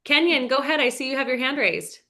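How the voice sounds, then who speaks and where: A woman's voice: sits high, expressive, quick pace, sharp tone. A woman hosting a group video call, encouraging and calling on people by name. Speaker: host.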